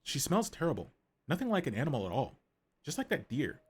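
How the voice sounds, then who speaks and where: A man's voice: a little high, wildly swooping pitch, a little fast, breathy edge, heavily acted. A man voicing a genteel female dog who talks like a Southern belle, prim and drawling.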